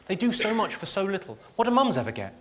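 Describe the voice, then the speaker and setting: A man performs dry, bawdy stand-up stories in a high-pitched, sing-song voice, talking fast. It's a loud, noisy live recording.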